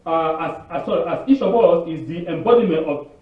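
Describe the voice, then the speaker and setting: A man gives a loose, rambling sermon in a high voice, asking questions and answering them himself. He acts out the people he quotes with sudden leaps in pitch. He is heard from far off in a very echoey room, through a thin, phone-like line. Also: expressive, fairly quick. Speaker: spiritual leader giving a weekly Torah talk. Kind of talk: informal sermon. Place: Canada.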